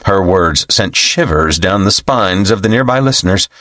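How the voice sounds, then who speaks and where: A man with a low, lively voice reads an audiobook in an expressive storytelling style. The close mic gives a dry sound with no room. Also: normal speed, no echo. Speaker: audiobook narrator. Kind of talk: scripted narration.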